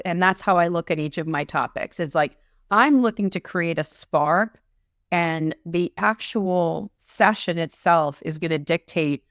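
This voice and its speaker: A middle-aged woman talks through her coaching approach on a podcast, her voice low and smooth. She keeps it lively and slips into quick impressions of clients. The sound is dry and close. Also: dry recording. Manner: animated, acts out clients and salespeople in quick asides. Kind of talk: conversational podcast discussion.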